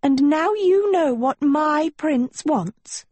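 A woman's voice: fairly high pitch, big pitch swings, measured pace, a little mellow, slightly rough, dry recording, voice pushed up, full character voice. A woman voicing a teenage girl turned villain in an audiobook, silky, taunting and coldly sweet. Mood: shrill indignant. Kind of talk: audiobook character reading.

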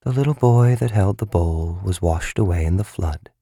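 A man's voice: lowish voice, fairly even intonation, unhurried, dark tone, no room sound, clean studio sound. A man doing a bored, murmuring blonde woman.

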